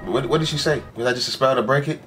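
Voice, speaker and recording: Young guy reacting to an anime ep, slangy, keeps saying bro, talks to the screen, mid-pitched voice. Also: quick pace, a bit bright, faint music behind. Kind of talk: casual reaction commentary.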